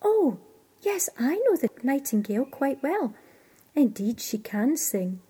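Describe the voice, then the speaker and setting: A woman doing a gentle young kitchen maid. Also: sits high, very animated, a little slow. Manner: gentle, earnest, soft-spoken. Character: poor humble young kitchen girl.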